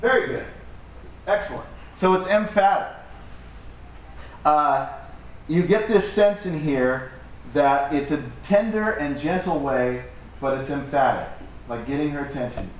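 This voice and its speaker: A man's voice: fairly high pitch, animated, measured pace, pauses often, slight background noise. A male pastor giving a conversational, joking sermon to his church and acting out voices in the stories he tells. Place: church hall. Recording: echoey hall from far off with faint ambience.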